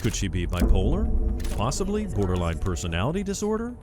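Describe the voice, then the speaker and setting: Deep, swooping male narrator. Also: wildly swooping pitch. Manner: measured, analytical. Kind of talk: scripted narration.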